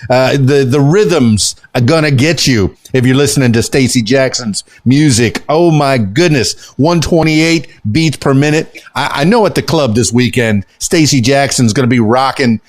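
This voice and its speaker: An American man in his fifties hosting a podcast interview, excitable and full of halting restarts. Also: medium pitch. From United States. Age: 50s. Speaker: podcast host. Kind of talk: enthusiastic interview chat.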